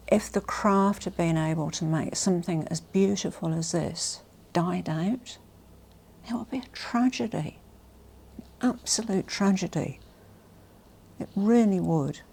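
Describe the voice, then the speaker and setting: A woman vlogger presenting a haul in a casual, gushing and emotional way, often dropping to soft whispers. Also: on the low side, gravelly. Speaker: fashion vlogger.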